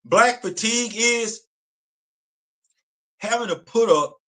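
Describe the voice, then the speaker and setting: Male live-stream host, bright edgy tone, emphatic ranting commentary. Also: extremely high pitch, slow pace. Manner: emphatic, repetitive, street slang and rhetorical questions. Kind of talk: impassioned commentary. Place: home studio on a live stream.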